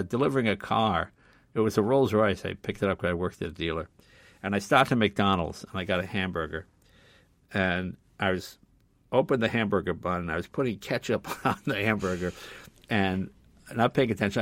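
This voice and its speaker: Older male guest, animated anecdote teller, bright tone, dry close mic. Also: fairly low pitch, a little fast, no room sound. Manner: animated storyteller, acts out voices loudly. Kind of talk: casual storytelling.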